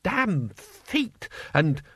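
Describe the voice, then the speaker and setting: Man doing a high, pompous old dean, very lively and dry. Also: extremely slow, breathy edge, no room sound, heavily acted. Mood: peevish. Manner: huffy, self-satisfied. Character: peevish, pompous elderly male wizard dean.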